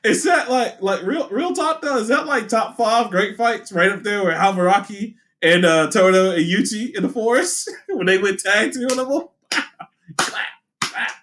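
A man co-hosting a podcast in casual chat, animated and hyped, laughing often. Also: high-pitched, normal speed, few pauses. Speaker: podcast co-host.

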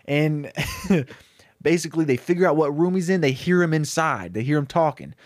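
A man's voice: fairly high pitch, expressive, normal speed, no echo, clean studio sound. Young man rambling through a comic story. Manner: casual, rambling, acts out characters' lines. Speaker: pitching a story idea. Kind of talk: comedic improvised storytelling.

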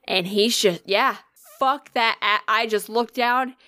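Bright, profane woman telling a story. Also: on the high side, slow, dry recording. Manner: animated, profane, swears freely. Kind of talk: casual storytelling chat.

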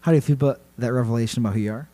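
A man's voice: medium pitch, rapid-fire, warm tone. A man hosting a casual podcast chat, telling a spooky story in a playful, rambling way and laughing often. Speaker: podcast host.

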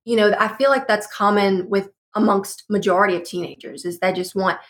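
A woman's voice: mid-range voice, fairly even intonation, a little fast. A young woman guest on a panel, earnestly reflecting on her own teenage experience. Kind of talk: personal testimony in a panel discussion.

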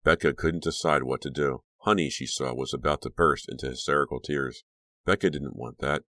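A man reading a novel aloud as an audiobook narrator, in a steady, measured manner. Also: extremely low pitch, no echo. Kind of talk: scripted narration.

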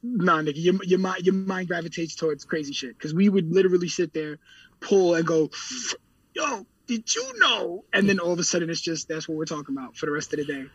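A man's voice: a little high, steady tone, fast talker, slightly rough, no room sound, far from the mic, dull audio. A man co-hosting a podcast, talking casually, rambling, laughing and swearing freely. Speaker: podcast co-host. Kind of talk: casual chat.

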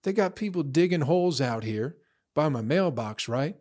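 A man's voice: on the high side, lively intonation, moderate pace, darkish tone. A young man in a profane, rambling casual rant, blunt, tossing in "bro" and "you know" often. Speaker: vlogger.

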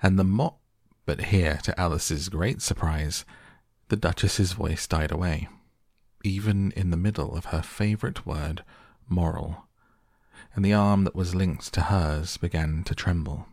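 A man narrating a storybook in a soft, slow, calm bedtime manner. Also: low-pitched, no echo, studio quality. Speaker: audiobook narrator.

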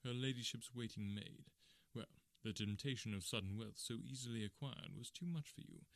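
A man voicing a calm, stern middle-aged male detective in measured, quiet tones in an audiobook. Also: mid-range voice, no room sound, lightly acted. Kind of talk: audiobook character reading.

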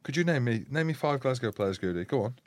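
This rugby podcast host, once a player himself, keeps things boisterous and teasing in the studio, laughing a lot as the banter flows. He has a mid-range, slightly mellow voice with lively intonation, speaks fast, and the recording has no echo.

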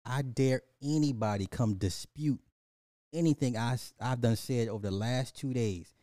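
A man's voice: mid-range voice, normal speed, warm tone, no echo, clean studio sound. A man hosting a casual livestream, ranting profanely and animatedly, laughing and talking to his chat. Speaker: livestream host.

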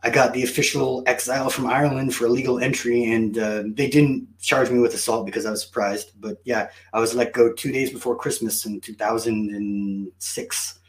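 A man telling stories in a casual chat, animated and self-mocking. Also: mid-range voice, normal speed, hardly any pauses. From United States. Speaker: guest.

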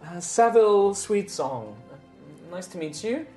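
A woman's voice: medium pitch, very animated, a little slow, warm tone, soft background music, voice pushed up. A woman voicing a prim, polite female half-elf bard with stiff, genteel courtesy. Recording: echoey room.

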